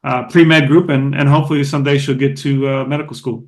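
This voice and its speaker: A middle-aged man from Oakland, a former ballplayer, telling stories as a podcast guest in a lively, casual way with many fillers and restarts. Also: medium pitch, fast. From Oakland, California. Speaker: guest, former baseball catcher. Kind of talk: casual storytelling interview.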